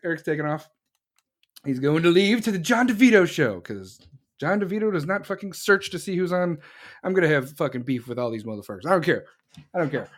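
A man hosting his own podcast, venting in an angry, profane, combative rant and answering live listeners as he goes. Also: high voice. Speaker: podcast host. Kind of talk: solo political rant podcast.

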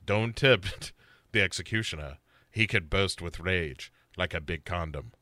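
A man voicing a menacing, smug male serial killer in a low, creepy tone while joking through a show. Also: measured pace, pushed and bright, no room sound.

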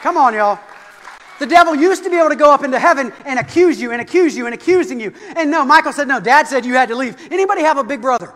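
A middle-aged man preaching a sermon, animated and conversational with touches of humor. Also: extremely high pitch, fast talker. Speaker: pastor. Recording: long hall reverb.

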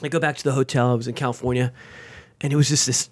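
A man, a veteran guest on an interview show, telling his story with energy and sudden jumps in pitch. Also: fairly even intonation, rapid-fire, husky, no echo. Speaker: guest, veteran and nonprofit founder.

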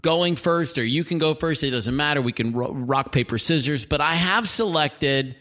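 A man co-hosting a podcast, excitable and jokey, laughing often in casual chat. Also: a little high, moderate pace. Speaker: podcast co-host.

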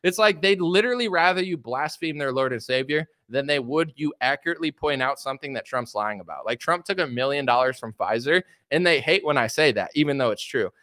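A man's voice: mid-range voice, fairly quick, few pauses, dry recording, clean studio sound. A young man giving political commentary on a livestream, ranting with sarcasm and mockery. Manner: sarcastic, mocking, animated ranting.

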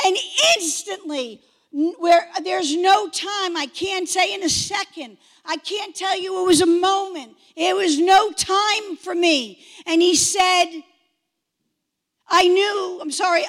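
Fervent woman in her sixties, very high voice. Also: slow. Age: 60s. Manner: emphatic, swings from shouting fervor to hushed intensity. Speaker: speaker giving testimony. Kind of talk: impassioned testimony sermon.

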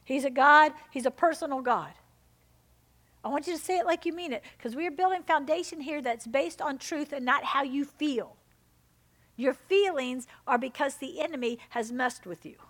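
Emphatic woman preacher, fairly high voice. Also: moderate pace. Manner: emphatic, swings between loud exhortation and soft intimate lines. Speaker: pastor. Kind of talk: sermon.

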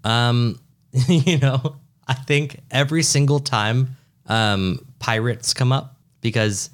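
A man co-hosting a podcast in casual chat, with a dry, joking and drawn-out delivery. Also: medium pitch. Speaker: podcast co-host.

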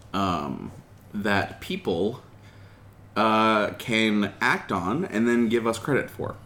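A man co-hosting a podcast who drops dry, deadpan jokes. He speaks slowly, in a bright, forceful voice whose pitch moves a lot. There is faint noise behind him. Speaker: podcast co-host. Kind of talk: casual banter.

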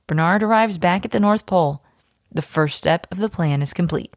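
A woman podcast host reading a fan theory aloud, with lively storytelling emphasis. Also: on the low side, normal speed, no echo, clean studio sound.

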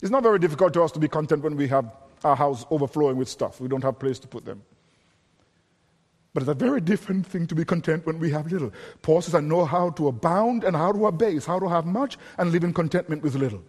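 A man's voice: fairly high pitch, quick pace, a little mellow, big-room sound. A man preaching a sermon, emphatic and explanatory, often repeating words as he presses a point.

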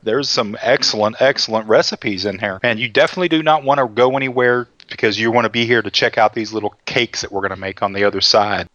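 A man's voice: fairly low pitch, fast, hardly any pauses, fairly bright tone, dry recording. Chatty man, dull dry sound. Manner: folksy, chatty, tells jokes with voices. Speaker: cooking show co-host. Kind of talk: casual cooking talk.

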